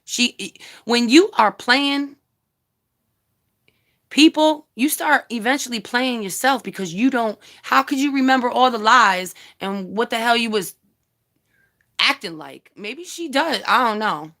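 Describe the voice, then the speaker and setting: This YouTube commentary vlogger has a fairly high voice with lively intonation, a measured pace and a sharp tone. She rants bluntly and heatedly to her live stream viewers, addressing them directly and swearing freely.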